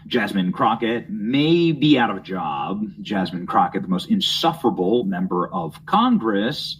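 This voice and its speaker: Deep-voiced man doing snide political commentary. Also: very animated, measured pace, slight background noise, low-quality recording. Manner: mocking, snide asides while reading news.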